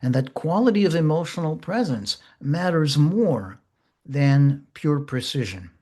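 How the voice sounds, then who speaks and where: A man teaches therapy in an unhurried, thoughtful way. His voice sits a little higher than most men's, and he takes his time, easing in fillers and pauses as he goes. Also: lively intonation. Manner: slow, gentle, measured with pauses and fillers. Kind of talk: reflective teaching talk.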